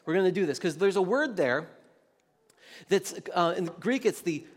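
Pastor, male, high voice; loose, chatty preaching that quizzes the room, reverb-heavy church hall. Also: animated, moderate pace. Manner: conversational, quizzes the room, many restarts. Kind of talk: sermon to a congregation.

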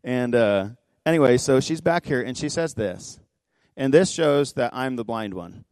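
A man's voice: medium pitch, lively intonation, no echo. Pastor guy preaching in church, chatty storytelling, dry close sound. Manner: impassioned, rising to near-shouting pleas; conversational storytelling with quick asides. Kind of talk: sermon. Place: church sanctuary.

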